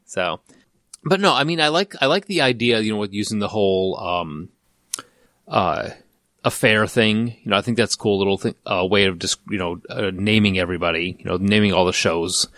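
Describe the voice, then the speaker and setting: A man's voice: fairly low pitch, moderate pace, fairly bright tone, no echo, studio quality. A man chatting casually as a podcast host, rambling into stories and laughing often. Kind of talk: casual chat.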